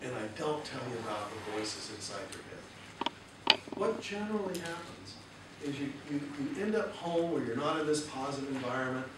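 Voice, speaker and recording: A man's voice: mid-range voice, normal speed. Man giving a seminar in an echoey hall. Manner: lively, asks the audience questions. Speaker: seminar speaker. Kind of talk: motivational seminar talk. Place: large hall with audience. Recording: echoey hall, distant mic, noisy.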